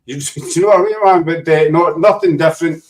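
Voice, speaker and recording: A man's voice: on the high side, a little fast. A Scottish man hosting a casual live panel chat, rambling and teasing his guests. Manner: jokey, rambling, teasing banter. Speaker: show host. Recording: distant from the mic.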